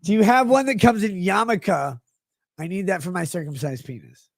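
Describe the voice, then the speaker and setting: A man in his thirties, a live streamer on a rambling, crude comedic rant that swings between mumbling and shouting. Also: sits high, moderate pace, vocal fry, no room sound, studio quality.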